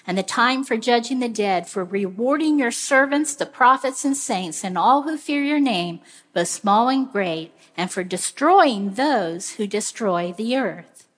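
Woman preaching a measured sermon. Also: fairly high pitch, lively intonation, a bit bright. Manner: earnest, measured storytelling.

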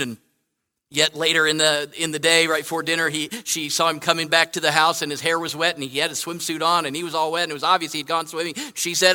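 High bright pastor in a reverberant church. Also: male voice, smooth. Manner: conversational, self-correcting, asks "right?" often. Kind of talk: sermon with a read-aloud children's story. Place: church sanctuary. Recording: long hall reverb.

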